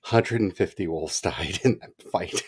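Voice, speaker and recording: A man co-hosting a livestream in casual chat, animated and chatty, laughing often. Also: sits low, unhurried, breathy edge. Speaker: livestream co-host.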